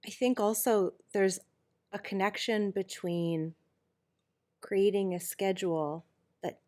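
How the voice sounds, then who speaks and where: A woman's voice: mid-range voice, fairly even intonation, takes it slowly, dark tone. A woman co-hosting a podcast in a casual, reflective chat. She talks in a thoughtful, candid way and laughs easily. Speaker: podcast co-host.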